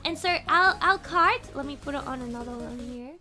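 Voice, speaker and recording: A young woman streamer telling a story in casual, animated chat, often breaking into excited shouts. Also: high voice, moderate pace, soft background music.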